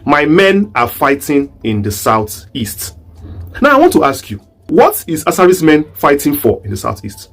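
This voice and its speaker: A man's voice: on the high side, slightly rough. A man with a Nigerian accent giving emphatic, rhetorical commentary to his viewers, firing repeated questions. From southeast Nigeria. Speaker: online commentator. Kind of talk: commentary video.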